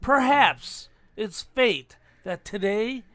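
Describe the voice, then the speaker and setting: A man's voice: high voice, expressive, takes it slowly, sharp tone, no echo, heavily acted. A man imitating a president giving a rousing war speech, solemn and over-emphatic.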